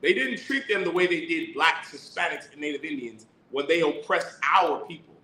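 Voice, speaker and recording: A man's voice: a little high, lively intonation, normal speed, sharp tone, reverberant, slight background noise, rough recording. A man teaching scripture in a sermon style, preaching emphatically with rhetorical questions and reading verses aloud. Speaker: teacher of a religious class.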